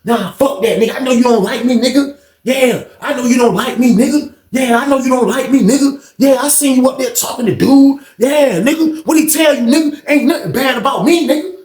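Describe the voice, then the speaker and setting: A man voicing a loud, defensive young male inmate who swears and repeats himself. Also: high-pitched, fairly even intonation, fairly quick, echoey room, distant mic, voice pushed up. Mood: defiant.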